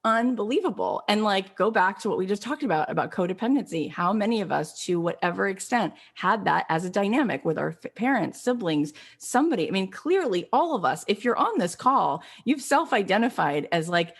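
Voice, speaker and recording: A woman podcast host on a group call, telling personal stories in an animated way with lots of "like" fillers. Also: medium pitch, brisk, few pauses, slightly rough. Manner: animated, acts out quotes, many "like" fillers. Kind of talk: emotional storytelling in casual chat.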